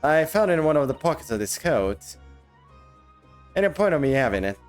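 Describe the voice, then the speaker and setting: Game read: man voicing a defiant cockney young woman, blunt, raised pitch, lively delivery. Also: fairly quick, faint music behind. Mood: brusque. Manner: broad dialect, blunt and dismissive.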